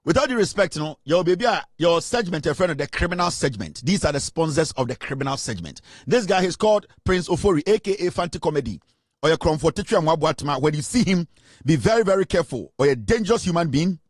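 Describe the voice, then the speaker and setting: A Ghanaian man hosting a political commentary show, talking in an animated, mocking way and mixing in Twi. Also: a little high, fast talker, no echo, clean studio sound. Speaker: host.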